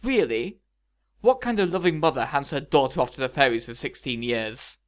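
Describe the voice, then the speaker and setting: A man's voice: medium pitch, lively intonation, normal speed, close to an everyday voice. A man voicing a dramatic female sorceress villain who sneers and rises to fury, in a fan fiction audiobook reading. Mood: furious.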